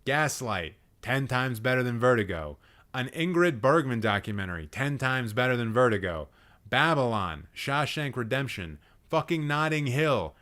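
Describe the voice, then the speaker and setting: A man's voice: mid-range voice, lively intonation, moderate pace, fairly bright tone. A young man hosting a live stream, roasting a viewer's film ratings with exasperated, sarcastic commentary and plenty of swearing. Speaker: livestream host.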